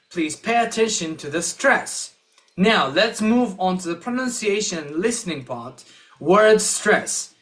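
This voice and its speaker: A man teaching English, giving a slow, encouraging classroom-style lesson and repeating words for learners. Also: high-pitched, a bit bright.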